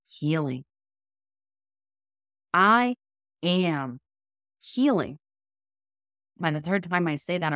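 A woman guest on a podcast interview, explaining a method in a calm, measured, coaching tone. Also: fairly low pitch, dry recording, clean studio sound. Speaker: guest, cold immersion method founder.

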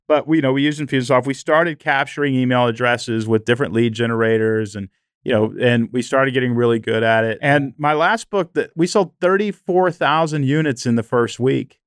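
A male podcast host telling stories in an animated, chatty way, often using "you know". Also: mid-range voice, a little fast, clean tone, no room sound, studio quality. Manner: animated storytelling, frequent "you know" fillers. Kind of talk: conversational interview.

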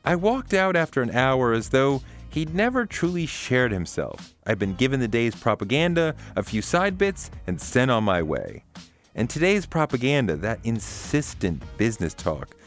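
A man reads his memoir as an audiobook in a wry, conversational way. His pitch is lively and swings widely as he tells the story. Faint music sits underneath the voice. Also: normal speed. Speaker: narrator.

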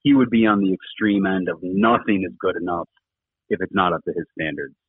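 Husky man on a tinny phone line. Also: sits low, fairly quick, dry recording. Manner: earnest, rambling with many fillers. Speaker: former rugby coach, podcast guest. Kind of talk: casual conversational interview talk.

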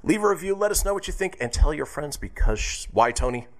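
A man's voice: on the high side, quick pace. A male radio host in casual banter, reading a history segment with joking asides. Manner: lively, reads history segment with quips.

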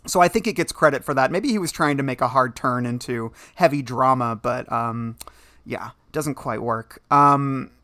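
A man co-hosting a casual podcast about a film, animated and quick to laugh. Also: mid-range voice, no echo. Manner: animated, laughs often, mimics the actors he discusses. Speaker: podcast co-host.

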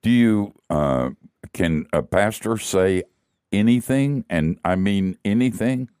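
A male podcast co-host with a low voice asks his questions slowly and calmly. He sounds relaxed and encouraging. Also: clear, resonant tone, no echo, clean studio sound. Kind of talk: conversational podcast interview.

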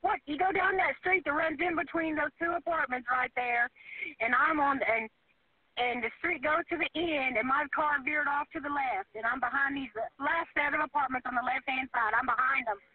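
Woman, 40s, crying, frightened, pleading, high voice, tinny phone line. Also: normal speed, dry recording. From Arkansas, USA. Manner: frightened, pleading, nervous laughter. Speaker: caller to emergency line. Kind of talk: emergency phone call.

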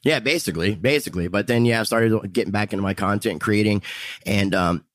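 A man's voice: lowish voice, brisk, fairly bright tone, dry recording. A man as a YouTuber guest in a casual interview chat, rambling and repeating himself. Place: restaurant VIP room.

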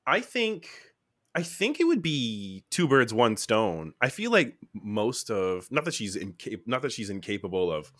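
Man, podcast co-host, rambling casual chat, lively pitch, dry close sound. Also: dry recording. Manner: rambling, halting with many restarts and fillers.

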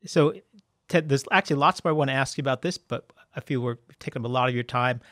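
A man's voice: medium pitch, quick pace, fairly bright tone, no echo, studio quality. A man hosting an interview, asking questions in a friendly, chatty way. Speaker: host. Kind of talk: interview conversation.

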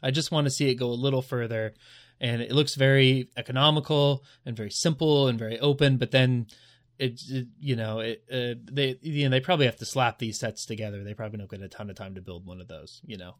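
A man's voice: medium pitch, fairly even intonation, brisk. A man co-hosting a casual fan podcast who talks in a hesitant way, with many restarts, and laughs easily. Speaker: podcast co-host. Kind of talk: casual chat.

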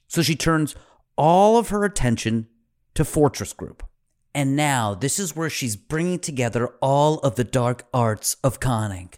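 A male podcast host who tells stories with dramatic flair. His pitch rises and falls widely as he acts out the characters, and he swears freely along the way. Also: animated, moderate pace. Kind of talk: dramatic storytelling.

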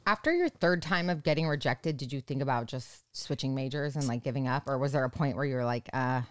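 Low-voiced supportive woman co-host. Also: brisk, no echo, clean studio sound. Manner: supportive, questioning. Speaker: podcast co-host. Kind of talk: casual chat.

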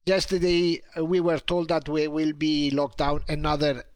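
A man's voice: fairly high pitch, flat delivery, moderate pace, a little mellow, no room sound. A man from Spain with a Spanish accent, a journalist chatting on a podcast with hesitant fillers. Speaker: journalist guest. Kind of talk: casual chat.

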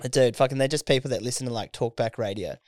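A man's voice: mid-range voice, fast talker, a little mellow, dry recording, studio quality. An Australian man in his late twenties, a stand-up comic co-hosting a podcast, chatting crudely and putting on mocking voices in his stories. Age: late 20s. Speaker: podcast co-host, stand-up comedian. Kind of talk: casual chat.

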